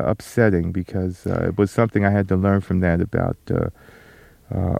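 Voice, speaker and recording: A middle-aged man answering interview questions slowly and reflectively, with many fillers and restarts. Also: sits low, gravelly, warm tone, dry recording. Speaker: interview guest, author.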